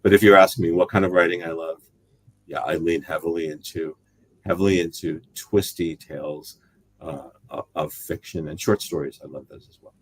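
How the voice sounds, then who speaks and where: A man's voice: low-pitched, steady tone, normal speed, slightly rough. A middle-aged man from the United States, talking as an interview guest in a rambling, thoughtful way that often corrects itself. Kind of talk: casual interview talk.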